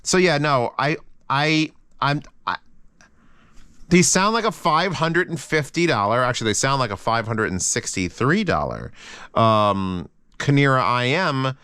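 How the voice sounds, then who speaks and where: A man's voice: medium pitch, very animated, a little slow, sharp tone, clear, resonant tone, no room sound, studio quality. A man casually reviewing earphones, rambling and swearing with frequent restarts. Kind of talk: casual unscripted product review.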